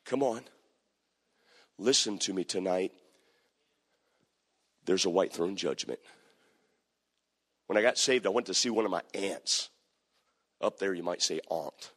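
A male pastor preaching a sermon, moving between hushed storytelling and shouting. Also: low-pitched. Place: church sanctuary. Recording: echoey church hall.

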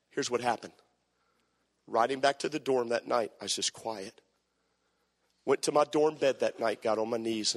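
A man preaching, telling a story with animated bursts of shouting and hushed stretches. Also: mid-range voice, moderate pace, long pauses. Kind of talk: sermon storytelling. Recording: long hall reverb.

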